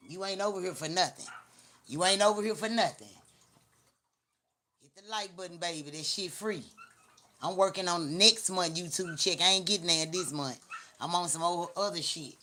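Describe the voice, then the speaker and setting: This livestream host hails from Memphis, Tennessee and speaks with a Southern accent in a lowish, sharp voice at a normal speed. Her casual talk is blunt and slangy, repetitive, and full of teasing.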